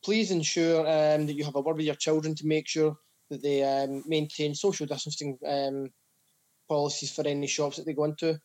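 A man's voice: on the high side, level tone, normal speed, a little mellow. A Scottish man co-hosting a podcast, telling stories in casual chat. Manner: storytelling, chatty. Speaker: podcast co-host.

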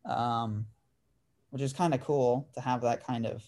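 A man's voice: mid-range voice, steady tone, measured pace, a little mellow. A man in his twenties, hosting a podcast, telling a story in casual chat with lots of "dude" and "like". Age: 20s. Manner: laid-back storyteller, says "dude" and "like" often. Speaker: podcast host.

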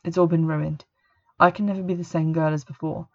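Gravelly woman narrating a story. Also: deep voice, fairly even intonation, a little fast, darkish tone. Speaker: audiobook narrator. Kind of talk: first-person story narration. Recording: dull lo-fi recording.

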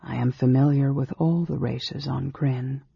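Whispering, sickly mage man, bitter, played by an audiobook reader, very husky and gravelly, on a dull, dry recording. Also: mid-range voice, steady tone, measured pace, no room sound, full character voice. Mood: weak, whispering. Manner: whispering, weak and labored. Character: frail, sickly, bitter young male mage.

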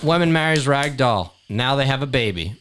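A man hosts a loose, profane podcast chat, tossing out jokes and half-serious business ideas. His pitch sits in the middle but moves a lot. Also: expressive, normal speed, a bit bright, clear, resonant tone. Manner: profane, joking, riffs on ideas. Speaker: podcast host.

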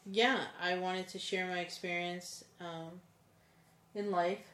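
A woman's voice: on the low side, flat delivery, takes it slowly, a bit bright, roomy sound. A woman co-hosting a podcast in casual chat, blunt and offhand, who swears freely. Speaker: podcast co-host.

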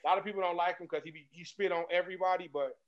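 A man's voice: high-pitched, rapid-fire. A man in casual chat, telling stories and acting out comedians' bits with energy. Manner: animated storyteller, acts out comedians' bits. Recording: dull lo-fi sound.

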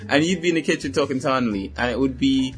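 Animated man telling a story. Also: mid-range voice, fast, soft background music. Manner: animated storytelling, acts out voices, swears, laughs often. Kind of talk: casual chat.

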